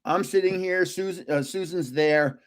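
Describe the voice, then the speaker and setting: Older New man, rambling and high-voiced. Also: normal speed. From New Jersey. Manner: rambling, with frequent restarts and trailing asides. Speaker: live stream host. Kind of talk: casual storytelling.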